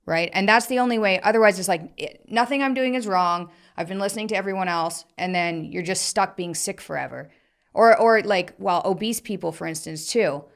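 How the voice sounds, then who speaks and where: A woman hosting a casual conversation, frank and animated, with many filler likes. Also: mid-range voice, a little fast.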